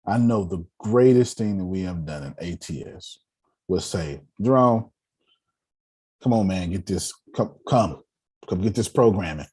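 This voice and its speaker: A man's voice: deep voice, lively intonation, unhurried, a little mellow, slightly rough. A man coaching a group on a call, talking in an emphatic, repetitive, preacher-like cadence. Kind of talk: motivational talk.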